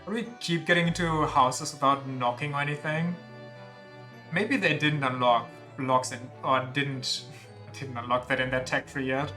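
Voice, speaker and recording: A man's voice: mid-range voice, fairly even intonation, normal speed, sharp tone, faint music behind. A man streaming a game, chatting casually with self-deprecating, laughing asides.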